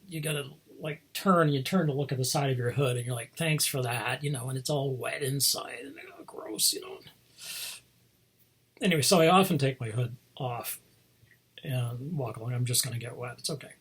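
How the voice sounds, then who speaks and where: Husky chuckling man rambling on. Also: medium pitch. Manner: rambling, chuckling often, trailing off into asides. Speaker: host showing toy figures. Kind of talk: casual chat.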